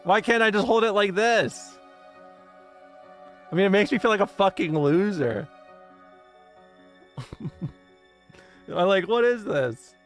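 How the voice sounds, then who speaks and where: A woman's voice: mid-range voice, slow, long pauses, soft background music. A woman streamer in casual livestream chat from a home setup, rambling, swearing and interrupting herself with frequent laughs.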